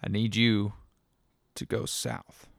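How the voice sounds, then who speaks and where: A man's voice: on the low side, little pitch movement, slow pace, vocal fry, no room sound, studio quality, full character voice. A man voicing a menacing, commanding male council leader in a spoken story, snapping orders.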